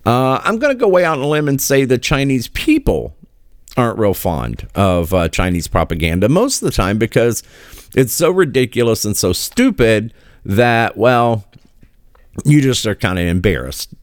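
A man's voice: mid-range voice, very animated, normal speed, no room sound, clean studio sound. A middle-aged man giving casual commentary, sarcastic and hesitant, with many fillers.

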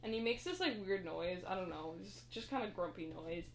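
A woman's voice: fairly low pitch, lively intonation, fairly quick, a little hiss or hum. A young woman co-hosting a casual chat, recapping a movie in a rambling way with lots of fillers and quoted lines. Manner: rambling, filler-heavy storytelling with quoted voices. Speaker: podcast co-host recapping a movie. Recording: roomy echo.

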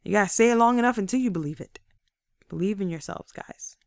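Preachy motivational woman, gravelly voice. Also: medium pitch, quick pace, no echo, studio quality. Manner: energetic, preachy, addresses listeners directly. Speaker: host. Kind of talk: motivational talk.

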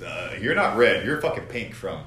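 A drunk man with a lowish voice, rambling and swearing in casual podcast banter. The sound is echoey, as in a garage, with faint noise behind him. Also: sing-song, normal speed, a bit bright. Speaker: podcast host.

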